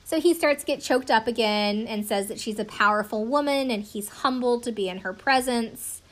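A woman's voice: a little high, normal speed. A woman in her twenties recapping a reality show in casual chat, sarcastic and swearing now and then. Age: 20s.

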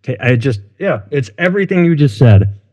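A man's voice: medium pitch, sing-song, moderate pace, darkish tone. A man co-hosting a podcast, talking in blunt, profane banter and reading news articles aloud. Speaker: podcast co-host. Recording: dull, lo-fi mic.

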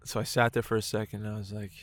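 A man's voice: on the low side, level tone, rapid-fire, no echo. A man telling a moving personal story in casual conversation, swearing often and filling his talk with "like" and "right". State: choked up.

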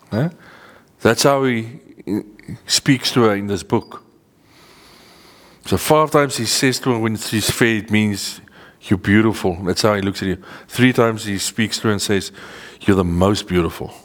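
A man delivers a Bible teaching to people seated in front of him. He speaks earnestly at a middle pitch and leans hard on the words he wants to land, slowing them down for emphasis. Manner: earnest, emphatic, slows down to stress key words. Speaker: preacher. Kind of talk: sermon teaching to a live group. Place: meeting room with a seated audience.

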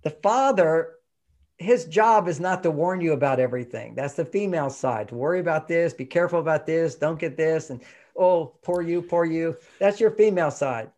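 Gravelly, emphatic man from Texas. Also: a little high, a little fast. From Texas, USA. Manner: emphatic, animated, laughs mid-sentence. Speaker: author guest. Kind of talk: conversational interview.

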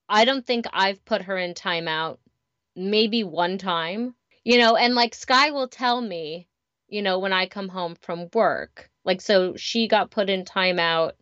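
A woman's voice: medium pitch, fairly bright tone, no room sound. A woman, a parent and teacher, chatting candidly in a casual conversation and telling stories about home and work. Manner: candid, storytelling, chatty with fillers. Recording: slightly dull lo-fi sound.

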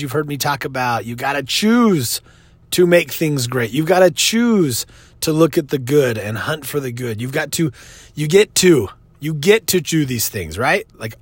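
A man in his thirties hosting a solo podcast as a life coach, talking casually in an earnest, reflective way with pauses and restarts. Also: on the high side, breathy edge, no echo.

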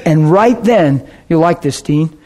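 A man preaching, telling a lively testimony story with laughter and a short sung passage. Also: on the high side, a little slow. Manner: animated storytelling, bursts of laughter, sings a hymn line. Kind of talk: testimony sermon.

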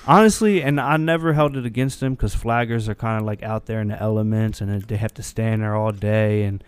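A young man co-hosting a podcast, telling a long, rambling story in a relaxed way with lots of fillers. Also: fairly low pitch, fairly quick, clear, resonant tone, no room sound. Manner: rambling, laid-back anecdote with many fillers. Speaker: podcast co-host. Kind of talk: casual storytelling chat.

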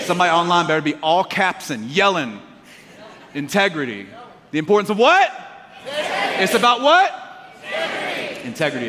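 A male pastor preaching a lively call-and-response sermon in a casual, energetic way, recorded live in a church hall. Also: fairly high pitch. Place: church auditorium.

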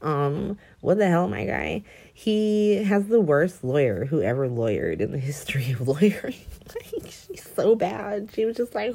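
A woman recapping soap opera episodes in a gossipy, animated chat, acting out the characters' lines. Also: medium pitch, a little slow, creaky, husky. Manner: gossipy, animated, quotes characters in mock voices, laughs often.

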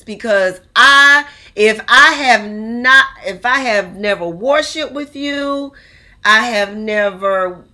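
A woman telling a story straight to her viewers in a casual, animated, exaggerated way, full of slang. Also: on the high side.

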